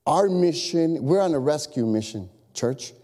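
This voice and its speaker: A lively pastor urging his church on with repeated calls and quick asides, in a fairly high but mellow voice. His words ring through a large sanctuary with a long echo. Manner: animated, repetitive exhortation with asides. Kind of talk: sermon.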